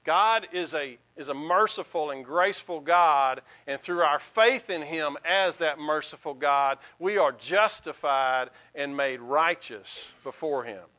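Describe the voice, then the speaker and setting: A man's voice: fairly high pitch, measured pace, few pauses, pushed and bright, muffled recording. A male pastor giving a sermon in an earnest, conversational way, with a folksy sense of humor.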